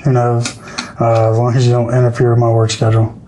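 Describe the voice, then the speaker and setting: A man's voice: mid-range voice, monotone, quick pace, warm tone, a little hiss or hum, rough recording. A young man on a podcast, talking casually and hesitantly, often restarting his sentences. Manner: hesitant, many restarts and fillers. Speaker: podcast guest.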